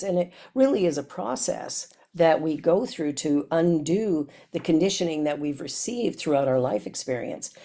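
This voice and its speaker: A woman's voice: deep voice, mellow. A woman minister giving a reflective sermon that asks the listener many questions.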